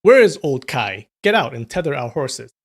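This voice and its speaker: A man's voice: high voice, animated, moderate pace, a little mellow, pitched above the performer's own voice. A man doing a brusque, impatient escort. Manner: curt, demanding.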